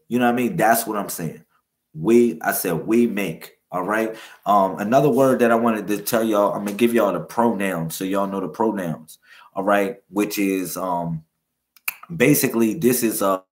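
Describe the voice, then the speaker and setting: A man hosting a livestream, giving a loose, repetitive spiritual teaching full of slang and shout-outs to viewers. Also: fairly low pitch. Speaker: livestream host.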